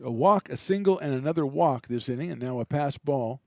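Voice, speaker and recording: A man doing relaxed, chatty play-by-play commentary for a college baseball game, with self-deprecating asides. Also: mid-range voice, brisk, creaky, no room sound. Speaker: play-by-play announcer.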